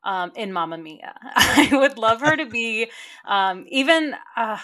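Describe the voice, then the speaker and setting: A woman's voice: on the high side, animated, measured pace, a bit bright. A woman co-hosting a casual podcast chat who talks enthusiastically and laughs often. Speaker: podcast co-host.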